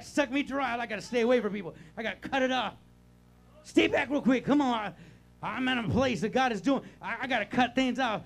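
An older man preaching a sermon in a church, animated, rising to shouts and dropping to quiet talk. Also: very high-pitched, a little fast, gravelly. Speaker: pastor. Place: church sanctuary.

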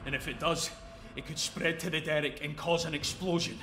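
A man voicing a steady rig supervisor. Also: on the high side, fairly quick, echoey room, noisy background, lightly acted. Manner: instructive, steady. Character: calm male rig supervisor giving orders. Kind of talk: video game voice acting.

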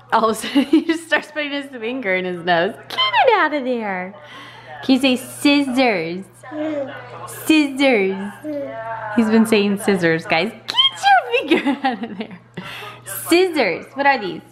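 A woman filming a home vlog, talking in sing-song baby talk to her toddler and chatting to viewers. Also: fairly high pitch. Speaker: vlogger mom.

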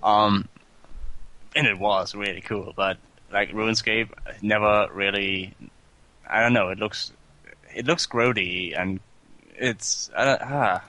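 A man's voice: fairly low pitch, fairly even intonation, slow, long pauses, pushed and bright, no echo, rough recording. A man acting as guest commentator on a game stream, dry and sarcastic, reading out viewer comments. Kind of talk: casual gaming livestream chat.

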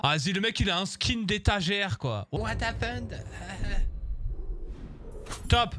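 Brash, high-voiced French gamer guy. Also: animated, slow pace, long pauses, pushed and bright, a little hiss or hum. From France. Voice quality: brash, teasing, swearing. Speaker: game streamer. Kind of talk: casual gaming voice chat. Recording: background music.

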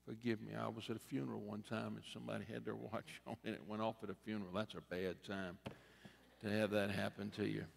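A man preaching a sermon as a bishop, in a church sanctuary, with a preaching cadence that rises to loud repeated refrains. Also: fairly low pitch, little pitch movement, fairly quick, vocal fry, slight background noise. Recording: long reverb of a church hall.

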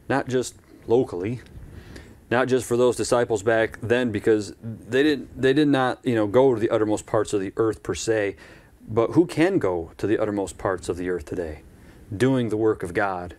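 A man's voice: on the low side, moderate pace, darkish tone. A man preaching a live-streamed church sermon in a conversational way, with asides and repeated phrases.

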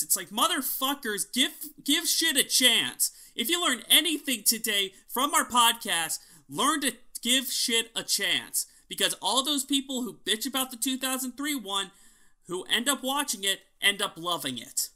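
A man's voice: very high voice, expressive, unhurried, pushed and bright. A man co-hosting a podcast in casual chat, opinionated and ranting, swearing freely. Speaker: podcast co-host.

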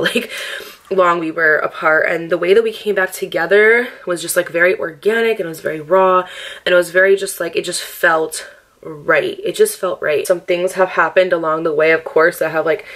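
Young woman vlogger, lowish voice, candid chatty delivery with lots of "like", swears and laughs easily. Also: fairly even intonation, brisk, fairly bright tone. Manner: upbeat and affectionate, laughs often. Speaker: lifestyle vlogger. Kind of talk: casual get-ready-with-me chat.

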